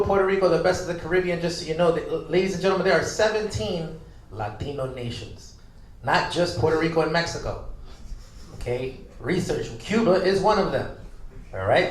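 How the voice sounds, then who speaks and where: A man's voice: a little high, fairly quick, a little hiss or hum. A man from the Bronx with a New York accent doing stand-up, bantering with the crowd in a brash, profane way. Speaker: stand-up comedian. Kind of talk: stand-up comedy with crowd work. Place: packed loft comedy venue, indoors. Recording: echoey room with loud crowd. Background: laughing live crowd.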